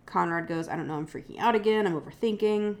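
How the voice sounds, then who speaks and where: A woman's voice: lowish voice, quick pace, darkish tone. A woman co-hosting a podcast, casually retelling a true-crime case and reading out text messages, with lots of "like" and "um" fillers. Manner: chatty, many "like" and "um" fillers, quotes texts with "she goes". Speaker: podcast co-host.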